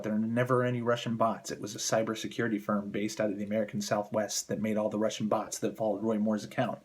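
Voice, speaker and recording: A man's voice: mid-range voice, slightly rough. A man ranting as a political commentator in a vlog, heated, contemptuous and swearing constantly. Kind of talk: angry political rant vlog.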